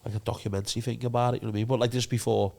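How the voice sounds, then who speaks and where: A man's voice: medium pitch, level tone, very fast, creaky, dark tone. A man co-hosting a podcast, chatting casually in a rambling, sweary way full of fillers. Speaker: podcast co-host. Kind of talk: casual chat.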